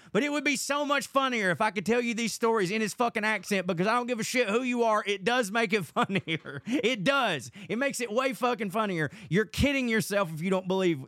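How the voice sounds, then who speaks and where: A man's voice: very high-pitched, bright, forceful tone, no echo, studio quality. A young man hosting a podcast, rambling through a profane, casual monologue. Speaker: podcast host.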